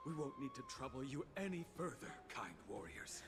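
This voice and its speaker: A man's voice: mid-range voice, expressive, normal speed, lightly acted. An actor playing a formal, polite townsman of an ancient city in a video game. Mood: courteous. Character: male townsman of an ancient city, anxious and courteous. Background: game music.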